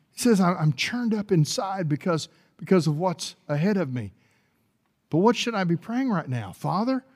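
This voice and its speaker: A man with a notably high-pitched voice delivers a sermon. He tends to repeat and restart words as he goes, and he swings from quiet, low stretches to loud, climbing preaching. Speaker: pastor.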